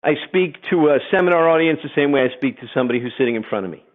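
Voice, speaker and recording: A middle-aged man giving a webinar presentation, telling stories in an animated way and acting out voices. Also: on the high side, racing. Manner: animated storyteller, acts out voices. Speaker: program presenter. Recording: phone-like webinar audio.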